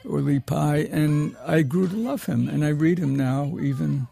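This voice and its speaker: A man's voice: fairly high pitch, a little slow, gravelly, dark tone. A man who directs films, recalling his preparation and telling a digressive anecdote in an interview. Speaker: film director. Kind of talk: reminiscing interview answer.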